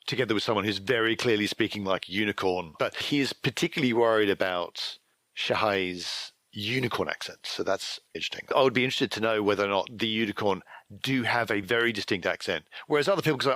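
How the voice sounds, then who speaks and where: Dude on a podcast mic, kinda low but bright voice, dry close sound, wry and chatty. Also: male voice, quick pace, no room sound. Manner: musing, wry, acts out characters' lines for fun. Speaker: podcast co-host. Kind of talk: casual chat about game fiction.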